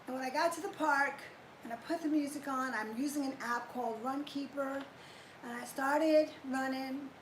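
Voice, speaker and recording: A woman's voice: sits high, normal speed, reverberant, slight background noise, low-quality recording. A woman in her fifties chatting animatedly on a live fitness stream, greeting viewers by name. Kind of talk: casual live chat to viewers.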